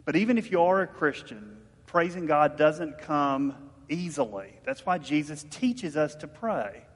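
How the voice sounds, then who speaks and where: A man's voice: fairly high pitch, expressive, measured pace. A man preaches a sermon, talking with his listeners and asking them questions, and he tells stories as he goes. His voice sits a bit above the usual male range. It rings with the long reverb of a large hall. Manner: conversational preaching with rhetorical questions and storytelling. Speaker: pastor.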